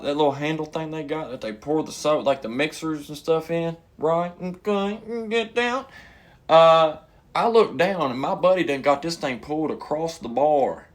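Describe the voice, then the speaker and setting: A man, a comedian casually telling a funny story and acting out the people in it with sudden high yells. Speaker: stand-up comedian.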